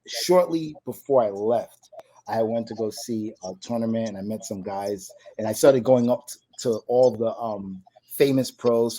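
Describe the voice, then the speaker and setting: A man's voice: mid-range voice, dark tone. A man being interviewed about his past in table tennis, telling stories in a rambling way with many restarts. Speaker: guest, table tennis player. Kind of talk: casual storytelling interview.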